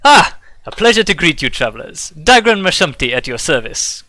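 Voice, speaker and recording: A man's voice: fairly high pitch, sing-song, normal speed, sharp tone, no room sound. A man voicing a polite, flustered male merchant who speaks in a formal, effusive way. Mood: courteous.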